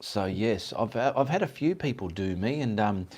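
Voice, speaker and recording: A man's voice: on the low side, expressive, normal speed, darkish tone. Chatty Australian man hosting a livestream. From Perth, Western Australia. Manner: rambling, friendly, greets viewers by name. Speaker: livestream host and artist. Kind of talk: casual live-stream chat.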